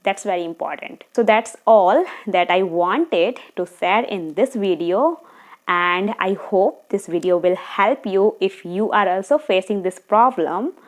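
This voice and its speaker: A woman giving earnest, encouraging speaking tips straight to camera, talking fast at times and checking in with her viewers. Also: medium pitch. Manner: talks fast, sometimes slows down deliberately. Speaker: English-speaking coach. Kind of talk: tutorial monologue to camera.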